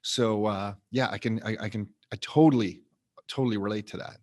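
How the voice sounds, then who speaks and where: A man's voice: on the low side, steady tone, a little fast, darkish tone. Man, podcast host, chatty, relatable, talks in restarts. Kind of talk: casual interview talk.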